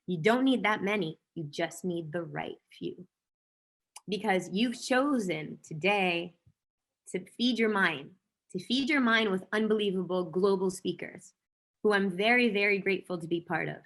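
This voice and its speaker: A woman business coach with a medium-pitched voice gives an energetic motivational talk, speaking emphatically and often repeating key phrases.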